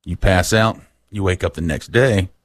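Brief: deadpan joking coworker, deep, unhurried, a man putting it on. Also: dry recording, lightly acted. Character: tall joking male coworker, deadpan prankster.

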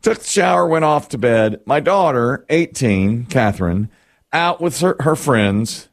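Middle-aged man rambling with lively pitch. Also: unhurried, dry recording, clean studio sound. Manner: rambling storyteller, wry and self-mocking, laughs often. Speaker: radio show host. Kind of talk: casual chat.

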